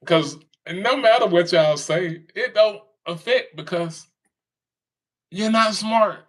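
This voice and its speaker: A man's voice: high voice, slow pace, a bit bright. A man, taunting and laughing as he reads viewer comments in casual commentary. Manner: mocking, laughs often, taunting the audience. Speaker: commentary streamer reading comments.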